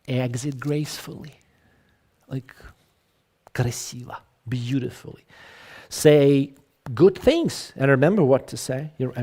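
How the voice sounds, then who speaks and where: A man lectures on an online video call at a middle pitch. He talks in a loose, conversational way, full of "like" and "uh". He often restarts his sentences. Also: breathy edge. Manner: lively, conversational, frequent fillers and restarts. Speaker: English lecturer.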